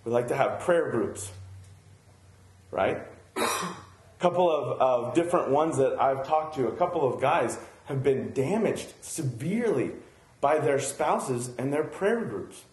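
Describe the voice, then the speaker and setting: A man's voice: mid-range voice, expressive, measured pace, darkish tone, reverberant. A man preaching a sermon as a pastor, talking in a loose, conversational way with frequent asides to the listeners.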